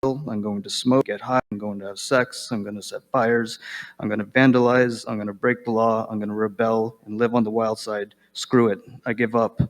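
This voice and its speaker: A man reading his own personal letter aloud, slow and measured, pausing often and clearing his throat. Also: on the low side, level tone, big-room sound.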